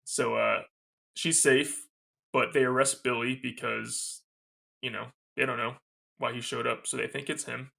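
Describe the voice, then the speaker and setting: A man's voice: mid-range voice, steady tone, measured pace, creaky, sharp tone. A man co-hosting a podcast, recapping a movie scene in casual chat, quoting its lines and laughing often. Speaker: podcast co-host.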